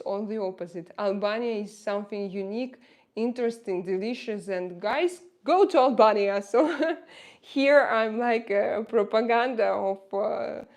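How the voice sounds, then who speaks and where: A woman's voice: medium pitch, steady tone, measured pace, a little mellow. Woman with a Russian accent, hesitant. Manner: hesitant, searching for words with many fillers. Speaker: livestream host reading viewer chat. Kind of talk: casual livestream chat.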